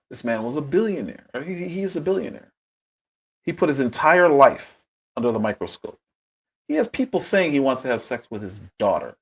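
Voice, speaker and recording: A man hosting a political commentary livestream, talking in an emphatic, animated way with a husky voice. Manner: animated, emphatic, with big pitch swings.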